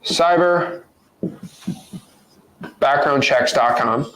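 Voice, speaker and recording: A man coaching viewers on real estate wholesaling in an energetic, playful, casual teaching monologue. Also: medium pitch, drawn-out words, a little hiss or hum.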